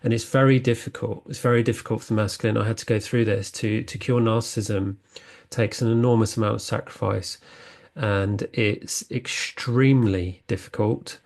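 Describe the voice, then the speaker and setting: A man's voice: lowish voice, steady tone, creaky, darkish tone. A man hosting a spiritual podcast, talking in an earnest, reflective monologue that halts often with fillers and restarts. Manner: halting, with many fillers and restarts.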